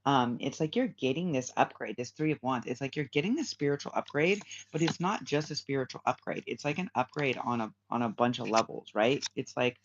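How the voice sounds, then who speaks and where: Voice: mid-range voice, expressive, brisk, hardly any pauses. Rambling tarot reader, slightly muffled sound. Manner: rambling, repeats phrases, many fillers. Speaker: tarot reader, channel host. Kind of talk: casual spiritual reading to viewers. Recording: slightly dull lo-fi sound with faint hiss.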